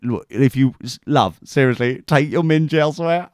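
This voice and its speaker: A man's voice: medium pitch, moderate pace, no echo, studio quality. A man co-hosting a podcast, telling a rowdy story in casual chat and acting out quotes in camp voices. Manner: animated, sweary, acts out quotes in camp voices. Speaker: podcast co-host.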